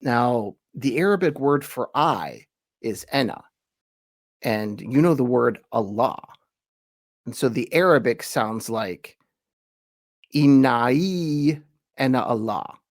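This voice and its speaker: A man hosting a conversational lesson, explaining in a relaxed, chatty way and reading quoted verses slowly with emphasis. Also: medium pitch, dry recording, studio quality. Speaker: host and teacher.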